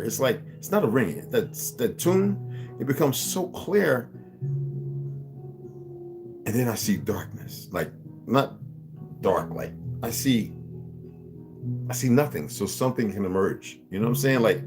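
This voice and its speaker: A man hosting a casual livestream, rambling and profane, who laughs often as he talks. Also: mid-range voice. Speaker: livestream host. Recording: music playing clearly behind.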